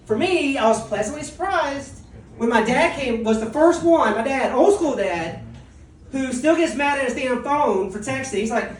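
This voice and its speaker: A woman's voice: sits high, lively intonation, moderate pace, far from the mic, slight background noise. A woman performing a casual, self-mocking stand-up comedy set on a club stage and laughing at her own jokes. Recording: echoey club recorded from afar.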